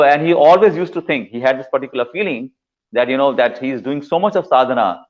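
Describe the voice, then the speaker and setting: A man's voice: medium pitch, highs cut off. A man, a guest speaker giving a devotional storytelling talk in an earnest way, repeating words for emphasis. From India.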